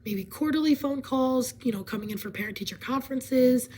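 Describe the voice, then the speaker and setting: A woman hoarse from laryngitis, partly whispering as she explains a presentation in a casual way, with fillers and frequent throat clearing. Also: high voice, brisk, darkish tone, poor audio.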